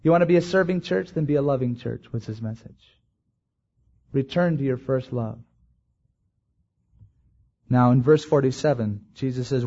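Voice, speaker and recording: A man preaching a sermon as a pastor, rising to emphatic peaks and slowing down to stretch key words. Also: medium pitch, dark tone. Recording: dull lo-fi recording.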